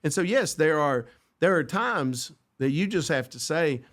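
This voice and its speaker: A man's voice: on the high side, animated, a little slow, a bit bright. A man co-hosting a church podcast, talking earnestly about friendship and quoting scripture, with frequent restarts. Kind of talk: casual faith discussion.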